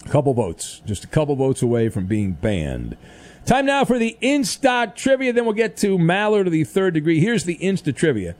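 A man's voice: a little high, very animated, a little fast, few pauses, darkish tone. A man hosting a late-night radio talk show, teasing a caller in a mock-serious way.

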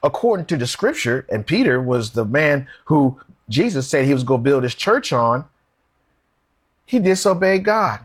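Husky guy preaching, chatty sermon, asks the crowd questions. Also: medium pitch, very animated, normal speed. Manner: conversational preaching with emphatic questions.

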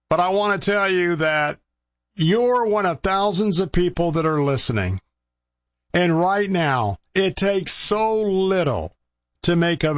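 An older man hosting a radio show, earnestly pleading with listeners for donations and slowly repeating the number to call. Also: fairly high pitch, a bit bright, no room sound, clean studio sound. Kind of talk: radio fundraising appeal.

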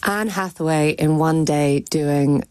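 A woman's voice: low voice, slow pace, a little mellow, dry recording. Frank, chatty woman critic. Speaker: critic and cultural commentator. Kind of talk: casual critique on radio.

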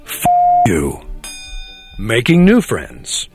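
A man's voice: lowish voice, huge pitch swings, drawn-out words, vocal fry, over loud music, exaggerated voice. Man playing a stiff, overly polite young guy. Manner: stiff, overly formal repetition.

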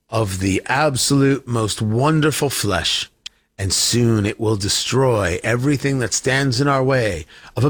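A man voicing a sinister, scheming male revolutionary villain who gloats slowly. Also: medium pitch, husky, no echo, studio quality, voice pushed down. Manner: gloating, slow, menacing.

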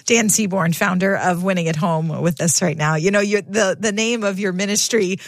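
A woman's voice: on the low side, normal speed, no room sound, clean studio sound. A woman hosting a radio talk show, introducing and questioning her guest in a thoughtful, conversational way. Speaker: radio host. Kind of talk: radio interview. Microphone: studio microphone.

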